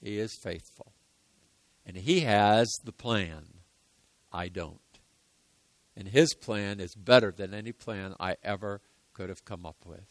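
A man preaching a sermon, repeating key lines for emphasis and moving between hushed and loud passages. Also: on the low side, a little slow, no echo. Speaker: pastor.

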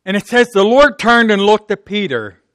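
A man's voice: high-pitched, lively intonation, normal speed, fairly bright tone, dry recording, clean studio sound. A man from Pittsburgh with a Pittsburgh accent, preaching a sermon in a conversational, folksy way, acting out the quotes. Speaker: pastor.

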